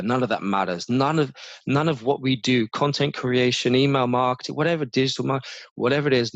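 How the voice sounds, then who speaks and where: Man, low voice, animated talk. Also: dry recording. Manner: animated, restarts often, mimics others' voices. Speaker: marketing manager, interview guest. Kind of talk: casual interview chat.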